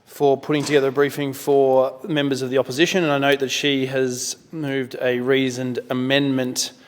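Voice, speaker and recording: A man's voice: medium pitch, flat delivery. Australian man speaking in a reverberant chamber. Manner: measured, many fillers and self-corrections. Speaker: member of parliament. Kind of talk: parliamentary speech. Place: parliament chamber.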